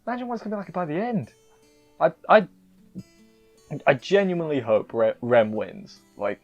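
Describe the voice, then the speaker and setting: A man's voice: fairly high pitch, big pitch swings, moderate pace, pauses often, lo-fi sound, soft background music. A man reviewing an anime episode in casual chat, rambling and emotional, often cutting himself off mid-sentence. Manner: emotional, rambling, self-interrupting.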